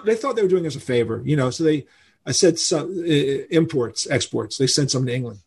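An older man from New York, a rock musician telling stories in a casual interview, animated and acting out the voices of people he quotes. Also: on the high side, moderate pace, creaky, husky. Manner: animated storyteller who acts out quoted voices.

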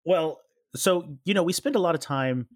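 A man's voice: on the high side, moderate pace, dry recording, studio quality. Rambling friendly male podcast host. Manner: rambling, friendly, many fillers and restarts. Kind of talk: casual interview chat.

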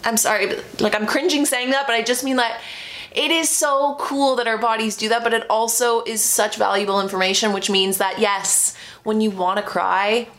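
A woman's voice: a little high, fairly even intonation, moderate pace, a bit bright. A young woman talking casually to camera as a vlogger, earnest and rambling, with many "like" fillers.

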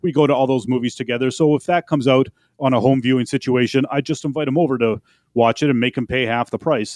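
A man co-hosting an entertainment podcast who tells stories in an animated, rambling way. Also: mid-range voice, no room sound. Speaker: podcast co-host. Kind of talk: casual entertainment chat.

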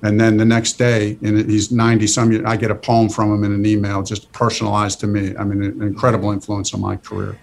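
A middle-aged football coach being interviewed, talking earnestly and stopping often to restart his sentences. His voice runs a little low. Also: completely flat delivery, gravelly. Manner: earnest, halting, full of restarts. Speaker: football head coach, guest. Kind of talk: casual interview.

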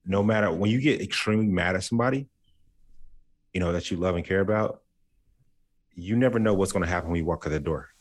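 A man's voice: low voice, quick pace, pauses often. A man co-hosting a casual chat, playful and jokey, laughing as he imitates his friends. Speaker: podcast co-host.

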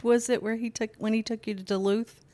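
A middle-aged woman, the host's mother, telling family stories in a casual chat with a measured manner. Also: on the high side, level tone, dark tone. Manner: measured, unhurried storytelling.

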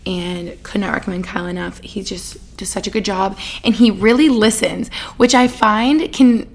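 A woman's voice: mid-range voice, fairly even intonation, normal speed, vocal fry. A young woman in her twenties from the Boston area, hosting a casual solo podcast, chatty and giggly, with lots of fillers. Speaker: podcast host.

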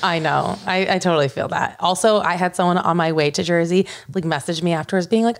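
A young woman chatting quickly on a podcast, her voice carrying a gravelly fry. She tells stories with animated energy and slips into the voices of the people she quotes. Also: mid-range voice. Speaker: podcast co-host. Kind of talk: casual chat.

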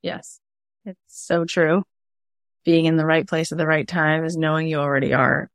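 A woman's voice: sits low, fairly even intonation, moderate pace, no echo, clean studio sound. A woman hosting a candid podcast conversation, telling stories animatedly, laughing and acting out quotes. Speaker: podcast host.

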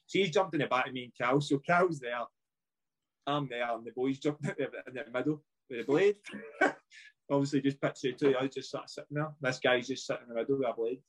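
A man's voice: mid-range voice, a little fast. A man with a Scottish accent, a former footballer, telling stories in a casual podcast chat, swearing freely and laughing as he goes.

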